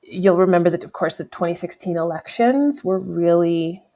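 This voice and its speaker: Low-voiced woman telling a candid story. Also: normal speed, warm tone. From United States. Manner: candid, reflective, with frequent self-corrections and laughs. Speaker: podcast guest. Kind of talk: conversational storytelling.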